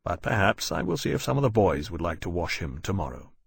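A man voicing a courteous, kind male captain who speaks formally and gently in an audiobook. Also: sits low, very animated, brisk, creaky, breathy edge, pitched below the performer's own voice, heavily acted. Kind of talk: audiobook narration.

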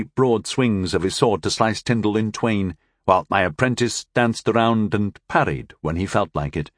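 A male narrator reads a first-person fantasy tale with wry, expressive delivery. His pitch moves lively through each sentence, and the recording is dry and close with no room sound. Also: dry recording. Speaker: audiobook narrator.

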